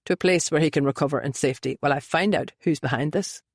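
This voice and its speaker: A woman voicing a reserved young man who speaks quietly and carefully. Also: deep voice, husky, no room sound, studio quality, voice pushed down. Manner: quiet and measured.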